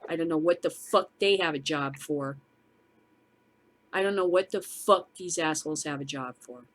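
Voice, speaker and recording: A woman's voice: low-pitched, moderate pace. A middle-aged woman hosting her own show, ranting in a furious, profane casual vlog. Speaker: show host. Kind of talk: angry casual vlog rant.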